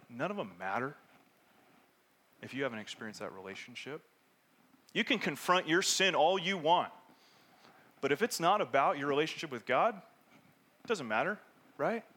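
A man preaching a sermon as pastor, animated, dropping from loud emphasis to hushed near-whispers and acting out prayers in quoted voices. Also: a little high.

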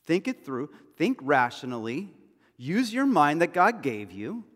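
Conversational pastor in a reverberant hall. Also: male voice, a little high, sing-song, a little slow, fairly bright tone. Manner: conversational, storytelling with asides and repeated phrases. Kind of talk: sermon.

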